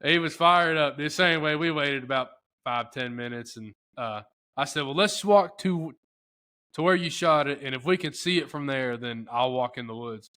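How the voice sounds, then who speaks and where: A man hosting a podcast, telling a story in a casual, rambling, animated way with lots of filler talk. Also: medium pitch, normal speed, smooth. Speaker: podcast host.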